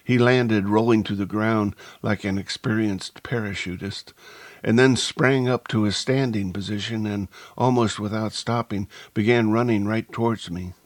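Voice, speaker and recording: A man narrating a first-person story in a measured, deliberate way. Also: lowish voice, steady tone, dry recording. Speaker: audiobook narrator.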